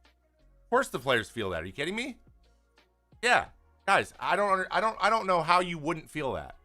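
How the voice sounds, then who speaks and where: A man's voice: a little high, normal speed, soft background music. A man, hosting a casual live chat and answering viewer questions in a rambling way with many restarts. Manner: rambling, restarts often, animated when venting.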